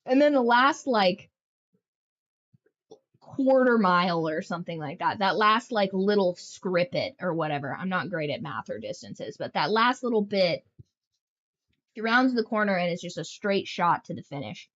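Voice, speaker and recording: Woman streamer with a lower-set voice, rambling and joking in casual livestream chat. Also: lively intonation, normal speed, a bit bright, dull audio. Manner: rambling, joking storyteller, many fillers. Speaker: game streamer.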